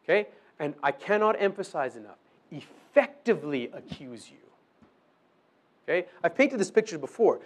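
A male preacher delivering a sermon in a loose, conversational way, often asking his listeners "okay?". His voice sits a little high and swoops up and down with lively intonation. He briefly acts out little exchanges to make his point. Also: normal speed. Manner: acts out short dialogues with the accuser. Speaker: pastor.

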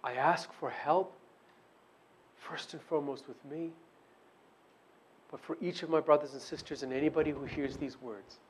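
Guy preaching a sermon n praying, kinda high husky voice, goes quiet then loud and emphatic. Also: steady tone, normal speed, pauses often. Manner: earnest, swings between hushed prayer and emphatic preaching. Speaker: pastor. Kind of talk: sermon with prayer.

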